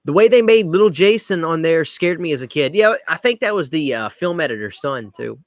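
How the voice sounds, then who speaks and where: A young man from Louisiana with a Cajun accent, hosting a relaxed live Q&A, rambling as he reads viewers' comments aloud. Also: on the high side, a little fast, no echo. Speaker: livestream host answering chat. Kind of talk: casual live Q&A chat.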